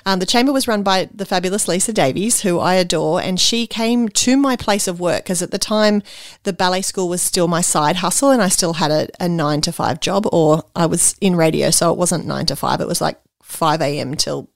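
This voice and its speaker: A woman's voice: lowish voice, brisk, gravelly, dry recording, clean studio sound. Chatty woman podcast host. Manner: chatty and enthusiastic, warm gushing asides. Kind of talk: solo podcast monologue.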